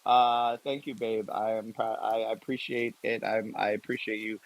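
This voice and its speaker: A man's voice: on the low side, little pitch movement, normal speed, poor audio. A man chatting casually and playfully in a live audio chat, rambling and correcting himself as he goes. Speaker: guest artist.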